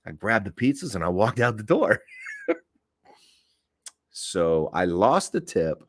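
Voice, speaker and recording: A man in his forties hosting a podcast, telling a story in a casual, animated way with laughs and swearing. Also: fairly low pitch, takes it slowly, slight background noise. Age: 40s. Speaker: podcast host.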